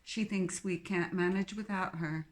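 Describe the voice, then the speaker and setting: A woman voicing a snobbish, condescending English woman with a posh accent and drawn-out, mocking delivery. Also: lowish voice, fairly even intonation, close to an everyday voice.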